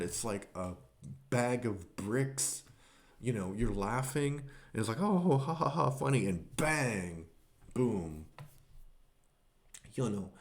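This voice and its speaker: A man's voice: mid-range voice, a little mellow. A man talking casually in a podcast review, rambling with many fillers and restarts. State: tearful at times.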